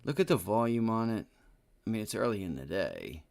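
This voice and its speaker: Very animated and a little fast, a man with a lowish, slightly mellow voice and vocal fry hosts a day trading livestream. He thinks aloud over the charts, complains of an aching back, and curses in frustration when trades go badly.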